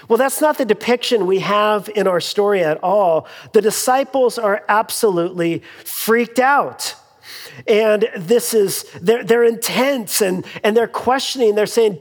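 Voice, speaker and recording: A pastor preaching a sermon in a relaxed, conversational way, often restarting sentences and adding humorous asides, in a large church sanctuary. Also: mid-range voice, moderate pace. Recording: long hall reverb.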